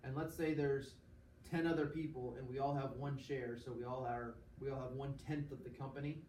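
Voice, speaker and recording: A brisk man with a dark-toned, mid-range voice and fairly even intonation lectures to a class. He breaks ideas down step by step, checks in with the students, and acts out small examples. The sound is distant and echoey, as in a classroom, with faint noise.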